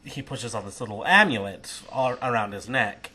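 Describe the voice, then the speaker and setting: A man narrating a tabletop game as game master in a relaxed, conversational way. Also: mid-range voice, moderate pace, soft background music, rough recording.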